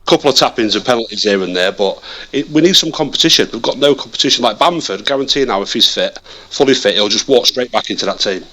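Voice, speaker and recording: A man chatting casually about football as a podcast co-host, animated and often repeating words as he restarts his sentences. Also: mid-range voice, quick pace. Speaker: podcast co-host, Leeds fan.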